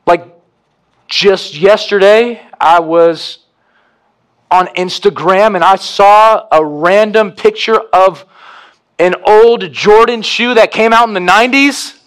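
A pastor preaching a communion sermon, swinging from hushed to emphatic. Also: male voice, sits high, slow.

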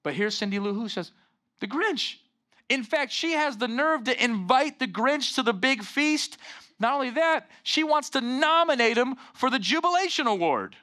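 Bright-toned animated preacher man. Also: very high-pitched, moderate pace. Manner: animated preaching with call-and-response "amen". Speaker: pastor. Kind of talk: sermon.

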